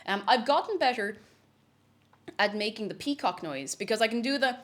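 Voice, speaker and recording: A woman's voice: fairly high pitch, lively intonation, normal speed, a little hiss or hum. A young woman, chatting casually with viewers on a live cooking stream. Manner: chatty, greets viewers, makes silly animal noises.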